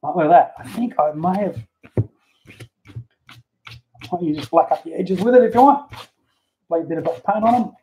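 A man giving a relaxed, chatty how-to while working on a hobby model at home, talking into a handheld camera. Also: high voice, normal speed, long pauses, slight background noise. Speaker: hobby model builder, channel host. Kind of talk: casual how-to crafting chat. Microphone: handheld camera mic. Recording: dull lo-fi camera audio.

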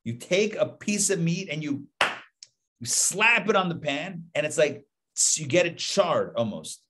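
A middle-aged man, a rabbi, teaching a casual live Torah class, animated and conversational, asking rhetorical questions and repeating himself. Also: fairly high pitch, unhurried, noisy background.

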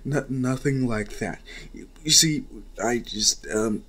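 A man's voice: medium pitch, takes it slowly, a bit bright. A man voicing a nervous, eager young man who stammers and pleads to join a group.

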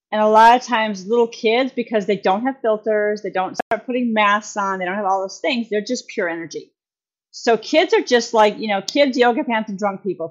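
A woman with a mid-range voice appears as a podcast guest, explaining at length. Her casual, rambling delivery is full of fillers, restarts, and folksy phrasing.

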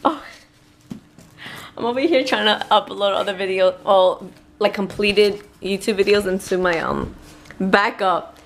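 A woman's voice: medium pitch, steady tone, a little slow, long pauses. A woman filming a casual home vlog as a mother, playful and teasing, laughing often. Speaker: vlogger, mother.

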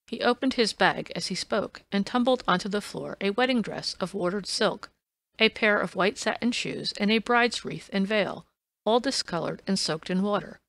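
A woman narrating a classic story as an audiobook, in even, unhurried storytelling. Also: mid-range voice, gravelly, no echo. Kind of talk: scripted narration.

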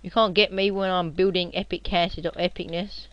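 A young man, rambling and joking as he narrates his own computer game, now and then shouting at enemies. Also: high-pitched, little pitch movement, a little fast, clear, resonant tone, dry recording, dull audio. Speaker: gamer playing on video. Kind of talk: casual game commentary.

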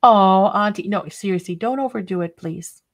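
Woman host, casual live craft chat, rambling and friendly-scattered, mid pitch. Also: normal speed. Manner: chatty and scattered, frequent laughs.

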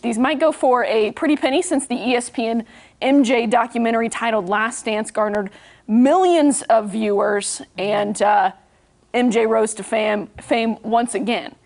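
A young woman delivers entertainment headlines on a morning show, then slips into chatty banter with her co-hosts. Her voice sits a bit high, bright and easy. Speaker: entertainment news anchor. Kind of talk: morning news reading with banter.

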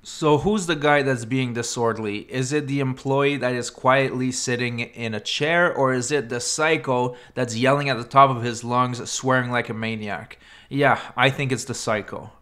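A man's voice: mid-range voice, steady tone, normal speed, bright, forceful tone. Sarcastic commentary narrator, man. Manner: sarcastic, scornful. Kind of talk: mocking commentary voice-over.

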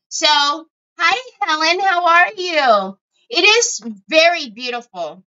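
Sitting high, this middle-aged woman's voice is sharp, clear, and resonant. She's hosting a craft livestream with casual chat and greets viewers by name, though the home stream audio is dull and lo-fi.

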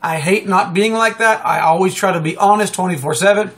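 Male live-stream host, middle-aged, high-pitched, talkative and excitable, restarts his sentences a lot. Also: a little fast. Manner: excitable, chatty, many fillers and restarts, sudden high exclamations. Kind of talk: rambling political commentary monologue.

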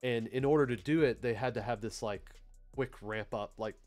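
Soft background music plays as a Southern-accented man runs a casual live-streamed PLC lesson, talking in a chatty, meandering way with plenty of fillers. He has a mid-range, slightly mellow voice and speaks at normal speed.

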